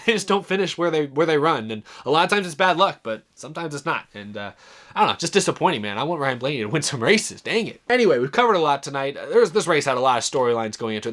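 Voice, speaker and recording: Excitable man reviewing a race. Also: a little high. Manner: animated, enthusiastic, many fillers and restarts. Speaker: racing commentary host. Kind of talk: casual solo race review.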